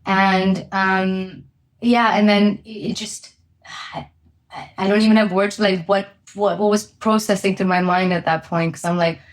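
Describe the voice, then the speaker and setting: A woman's voice: mid-range voice, level tone, unhurried. A woman being interviewed as a company founder, telling a personal story candidly with many fillers.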